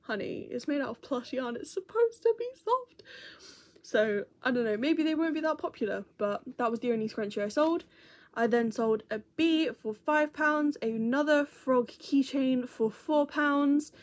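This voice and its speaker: A woman's voice: sits high, moderate pace. Chatty woman vlogger. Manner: chatty, rambling, self-correcting. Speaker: crochet vlogger. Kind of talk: casual chat.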